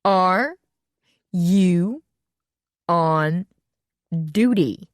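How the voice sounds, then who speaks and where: A woman's voice: mid-range voice, lively intonation, normal speed, no echo, clean studio sound, pitched above the performer's own voice, lightly acted. A woman voicing a blunt, fiery female chef who speaks curtly and sharply. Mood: indignant. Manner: curt, sharp, sniping.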